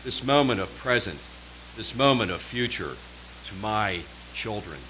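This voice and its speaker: A man reading his own poetry live at a small performance venue, pacing each line with slow, dramatic pauses. His voice sits low but sounds bright and forceful, with a faint hiss behind it. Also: lively intonation, poor audio. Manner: measured, dramatic delivery with slow emphatic pauses. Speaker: poet.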